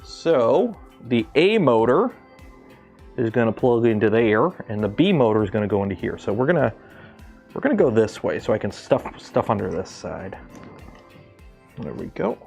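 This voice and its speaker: Man, from Canada, livestream host, casual rambling build chat, gravelly, mid-pitched, jokes at his printers. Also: sing-song, normal speed, long pauses, darkish tone, soft background music. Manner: rambling, jokey, swears, talks to his machines.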